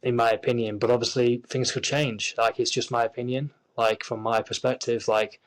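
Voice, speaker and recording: A young man with a Yorkshire accent speaks in a casual interview, at a middling pitch. He rambles, restarts his sentences and fills pauses with ums and likes. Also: little pitch movement, rough recording. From Yorkshire, England. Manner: rambling, frequent restarts and fillers. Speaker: actor, interview guest.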